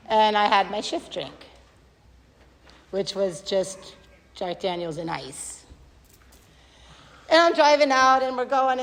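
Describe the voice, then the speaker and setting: A woman giving a candid, self-deprecating recovery meeting share at a podium mic, rambling with many fillers. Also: mid-range voice. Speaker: AA speaker. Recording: long hall reverb.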